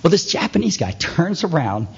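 Man preaching, high bright voice, lively pitch, dull lo-fi recording. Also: normal speed, gravelly, breathy edge. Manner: animated storytelling, acts out scenes, asks the crowd for assent. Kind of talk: sermon with anecdotes.

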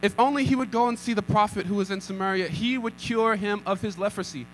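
A man's voice: high voice, quick pace, a little hiss or hum, rough recording. A young man preaching a sermon, repeating lines and calling for responses. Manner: acts out scripture with rising intensity. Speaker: pastor.

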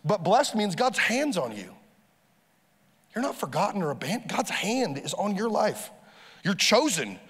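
A pastor delivering a lively sermon, urging the congregation to repeat phrases after him. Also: male voice, high voice, unhurried, long pauses, husky, in a large hall.

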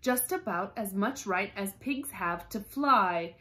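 A woman voicing a preachy old duchess in a storybook read-aloud, moralizing in a slow sing-song. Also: mid-range voice, expressive, pushed and bright.

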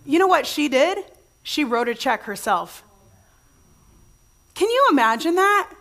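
A woman pastor preaching in a relaxed, conversational way, her voice sitting a little high. She tells stories to her congregation, often breaks off and restarts her sentences, and puts questions straight to the people listening. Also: measured pace, creaky. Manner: chatty storytelling with frequent restarts, addresses the congregation directly. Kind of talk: conversational sermon. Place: church.

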